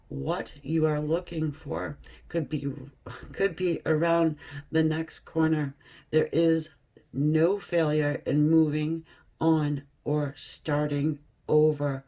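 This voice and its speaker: Slow, reflective woman reading tarot. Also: low-pitched, level tone, mellow. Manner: slow, reflective, reads card texts aloud, chatty asides. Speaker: tarot reader. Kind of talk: casual tarot reading to camera.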